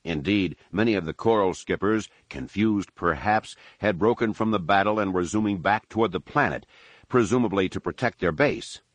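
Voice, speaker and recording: A man giving a measured, dramatic audiobook narration of an action story. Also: low voice, dry recording. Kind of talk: scripted narration.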